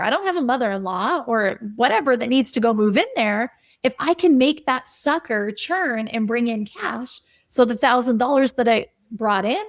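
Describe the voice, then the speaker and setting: Energetic, emphatic middle-aged woman, slightly high voice. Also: no room sound, clean studio sound. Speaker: physician and real estate investor guest. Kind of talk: podcast interview storytelling.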